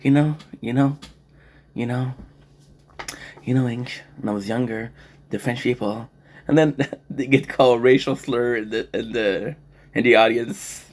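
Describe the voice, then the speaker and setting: Sex: man. Role: food vlogger. Style: casual eating vlog. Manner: rambling, joking, stumbling over words. Pitch: middle. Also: steady tone, unhurried, long pauses.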